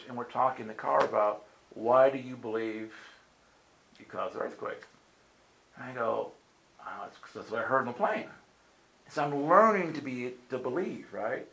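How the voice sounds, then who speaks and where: A male preacher with an ordinary middle pitch and some vocal fry tells a long story to a crowd gathered in a meeting room. He animatedly acts out character voices as the roomy hall echoes around him.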